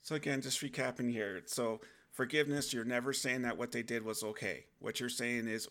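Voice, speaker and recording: A man's voice: medium pitch, fairly even intonation, a little fast, few pauses, a bit bright. A man giving an earnest, rambling talk about faith, often restarting his sentences.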